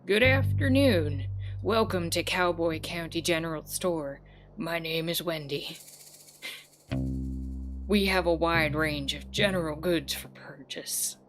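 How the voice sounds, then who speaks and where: A woman's voice: sits low, takes it slowly. A woman voicing a female general store clerk with polite, formal sales patter. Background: guitar music.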